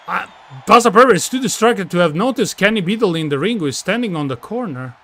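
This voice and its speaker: A man calling a video game wrestling match with excitable, yelling play-by-play and slips in English grammar. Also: high-pitched, a little fast. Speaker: commentator and wrestler persona.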